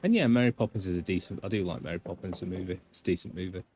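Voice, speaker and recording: A man's voice: sits low, very fast, a little mellow, a little hiss or hum. A man with a Northern English accent chatting casually on a live stream, rambling and blunt. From England, between Manchester and Yorkshire.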